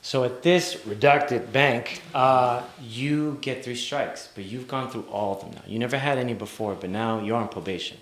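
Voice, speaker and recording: A man playing a stern female bank manager, speaking quietly and firmly as she lectures an employee. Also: mid-range voice, moderate pace, few pauses, echoey room, lightly acted.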